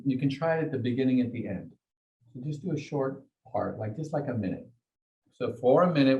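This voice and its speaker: A man's voice: mid-range voice, a little mellow, highs cut off. A man leading a meditation class, explaining ideas to his students in a conversational way and often checking in with "okay?" and "right?". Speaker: meditation teacher.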